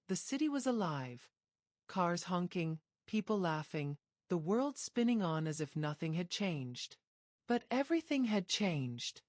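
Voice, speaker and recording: A woman's voice: darkish tone, no echo, studio quality. A woman narrating a romance drama, reading scripted lines with a dramatic storytelling manner. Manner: dramatic storytelling, acting out dialogue with lifted pitch.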